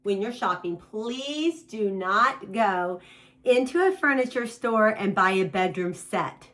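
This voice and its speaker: A middle-aged woman giving a casual home design tutorial in her bedroom, offering emphatic advice straight to her viewers. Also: on the low side. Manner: emphatic, animated advice with direct address to viewers.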